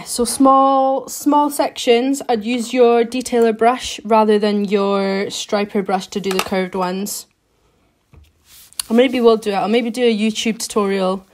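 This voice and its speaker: A woman giving a chatty, step-by-step live nail art tutorial while she works. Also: mid-range voice.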